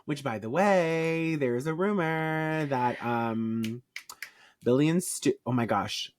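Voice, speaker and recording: A podcast co-host with a Southern US twang, talking in blunt, emphatic, profane bursts with quick asides. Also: mid-range voice, no echo. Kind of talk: casual podcast chat.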